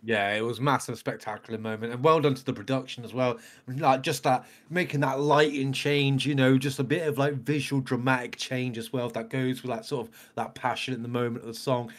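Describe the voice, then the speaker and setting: An enthusiastic man co-hosting a reaction video, gushing in loose, casual chat. He leans on "mate" and "bloody" as he praises what he has just watched. His voice sits at an ordinary middle pitch. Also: fairly even intonation, brisk, hardly any pauses, a bit bright.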